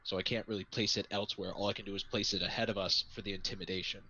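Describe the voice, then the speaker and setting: Bright-voiced young male player. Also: fairly low pitch, little pitch movement, rapid-fire, dull audio. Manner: eager, explaining plans. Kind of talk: casual tabletop game chat.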